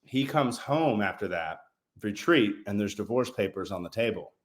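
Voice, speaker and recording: A man's voice: fairly low pitch, expressive, moderate pace. A man in his thirties, a former Navy corpsman, telling blunt, profane stories in a casual podcast chat.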